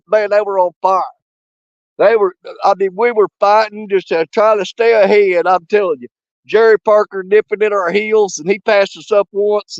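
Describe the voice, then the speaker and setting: Middle-aged man, high-pitched folksy fishing host, sick with a cough, laughing through casual shoutouts, dull lo-fi sound. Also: no echo. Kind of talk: casual live chat shoutouts.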